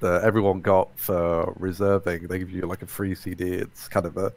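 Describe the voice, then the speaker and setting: A man's voice: low voice, level tone, moderate pace, a little mellow. A man co-hosting a casual podcast chat, easygoing and steering the talk along. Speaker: podcast co-host.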